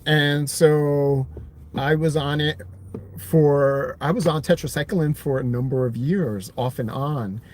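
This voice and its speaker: A man's voice: on the high side, fairly even intonation, takes it slowly, a little hiss or hum. Man casually rambling on a live stream. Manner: rambling, with many fillers and restarts. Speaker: vlogger sharing his hearing story.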